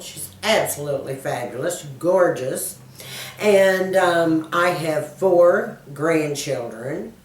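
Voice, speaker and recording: A folksy Texan woman in her sixties talks with her viewers in a low voice and calls them girlfriends. She sits some way back from the mic, and the room rings with echo. Her accent is thick and plain to hear. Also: recorded from a distance. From Dallas, Texas. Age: 60s. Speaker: motivational speaker and YouTuber. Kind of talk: casual tag video, answering questions.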